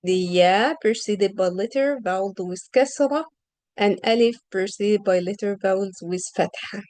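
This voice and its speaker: A woman's voice: medium pitch, measured pace, darkish tone, no echo, poor audio. A woman teaching Arabic reading in an online lesson, asking questions patiently and stretching out the example sounds.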